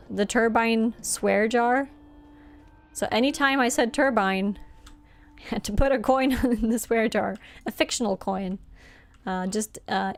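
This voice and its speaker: Slow, giggly woman streamer. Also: on the high side. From Norway. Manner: chatty, giggly, laughs often. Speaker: game streamer. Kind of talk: casual live-stream chat while playing.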